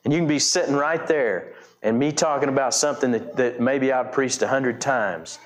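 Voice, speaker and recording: A man's voice: mid-range voice, moderate pace. A middle-aged man preaches to his congregation in an easy, conversational way. He circles back on his words, repeats phrases for emphasis, and keeps a mid-range voice. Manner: conversational preaching with many restarts and repetitions. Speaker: pastor. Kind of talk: sermon.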